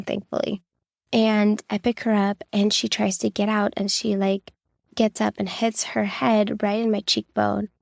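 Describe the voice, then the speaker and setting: A woman's voice: mid-range voice, creaky, no echo, studio quality. A woman in her thirties hosting a podcast, telling personal stories in a candid, reassuring way, with a lot of "like" in her talk. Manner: candid, reassuring, with many "like" fillers. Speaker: podcast host.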